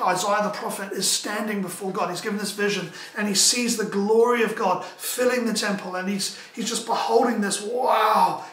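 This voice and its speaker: Guy pastor preaching, high bright voice, punchy and repetitive, echoey church. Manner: emphatic, repetitive call-and-response phrasing. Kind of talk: sermon.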